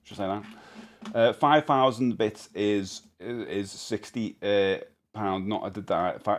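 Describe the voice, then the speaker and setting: A man's voice: fairly low pitch, slow. A middle-aged man chatting casually on a live stream, rambling and often laughing.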